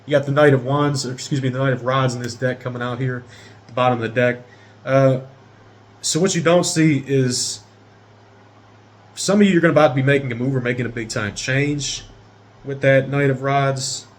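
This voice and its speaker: A man's voice: mid-range voice, steady tone, normal speed, slight background noise. A man in his thirties giving a casual tarot reading straight to his viewers in a rambling, profane way. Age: 30s. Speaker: tarot reader.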